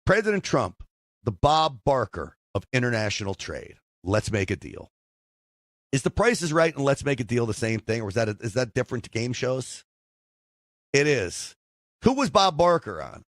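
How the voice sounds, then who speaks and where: A man hosting a call-in talk radio show, joking, bragging and riffing with animated asides into a studio mic. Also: medium pitch, moderate pace, no echo. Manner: jokey, boastful, animated asides.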